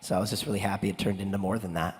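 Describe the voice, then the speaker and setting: A man's voice: deep voice, fairly even intonation, very fast, background noise. Man rambling on a convention stage. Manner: rambling, many fillers and restarts. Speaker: actor on a convention panel. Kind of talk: panel storytelling. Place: convention hall. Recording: long hall reverb.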